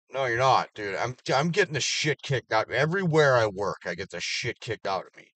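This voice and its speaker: A man delivering an angry, heavily profane personal rant, swinging between loud outbursts and low mutters. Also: very animated, moderate pace, hardly any pauses, no echo. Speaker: vlogger.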